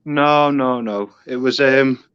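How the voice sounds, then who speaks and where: A man's voice: mid-range voice, slow pace, clear, resonant tone, no echo, highs cut off. A man from Merseyside with a Scouse accent, chatting casually with local slang. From Merseyside, England. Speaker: guest. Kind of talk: casual chat.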